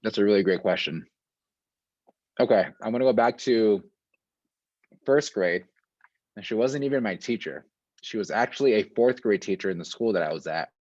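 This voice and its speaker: A man with a fairly low voice answers interview questions in a loose, slang-filled way, full of "um"s and "like"s. The sound is dull and lo-fi and very dry, like a video call. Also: normal speed, long pauses, dry recording. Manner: relaxed and slangy, many fillers. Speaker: school administrator.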